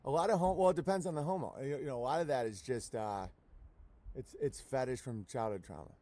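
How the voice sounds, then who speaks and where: A man's voice: medium pitch, brisk, dark tone. A man delivering a crude, mocking, profane rant on a livestream, full of sarcasm. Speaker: livestream comedian. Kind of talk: crude ranting stream monologue.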